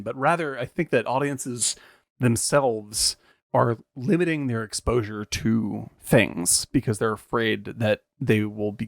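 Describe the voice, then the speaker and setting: Rambling, gravelly-voiced man chatting casually. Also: lowish voice, no echo, clean studio sound. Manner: rambling, laughs often, swears casually. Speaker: podcast co-host. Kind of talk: casual movie podcast chat.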